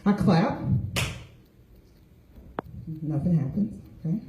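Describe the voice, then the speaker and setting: A middle-aged woman performs a stand-up set on a stage with audience laughter, telling stories and voicing the people in them. Her mid-range voice is sing-song at normal speed, with lo-fi sound, slight background noise, and an echoey room.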